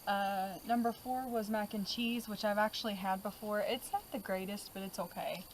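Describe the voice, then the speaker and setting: A woman's voice: mid-range voice, fairly even intonation, moderate pace, a little hiss or hum, rough recording. A woman vlogger chatting casually about her journal pages, with lots of "um" and "like" as she talks. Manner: chatty, many fillers like "um" and "like". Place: outdoors.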